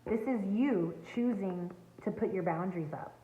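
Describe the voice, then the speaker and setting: With a warm, medium-pitched voice at a moderate pace, a woman offers viewers an emphatic, heartfelt tarot reading. Her manner is that of a spiritual coach, and she's at home near a backyard, recorded with an echoey, tinny, phone-like quality.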